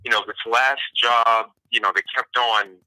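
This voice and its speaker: A man's voice: mid-range voice, steady tone, normal speed, bright, forceful tone, no echo. A man in casual chat who halts and fills his speech with "you know", heard over a tinny line.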